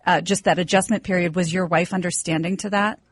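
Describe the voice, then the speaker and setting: A woman's voice: on the low side, steady tone, brisk. A woman co-host asking the guest curious, personal questions in a casual interview.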